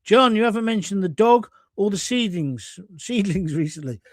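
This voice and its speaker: A man's voice: high-pitched, expressive, normal speed, no room sound, clean studio sound. A middle-aged man from England hosting a live stream, reading out viewer comments in a blunt, combative, chatty way and swearing freely. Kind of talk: casual live-stream chat.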